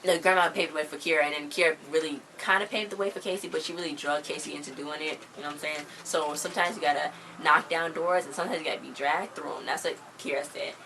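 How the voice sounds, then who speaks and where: Brief: young woman with a low voice, slangy and emphatic, casual episode-recap vlog, faint room hum behind her. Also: quick pace, few pauses, low-quality recording. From US countryside. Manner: chatty, emphatic, slangy, animated. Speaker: TV episode reviewer.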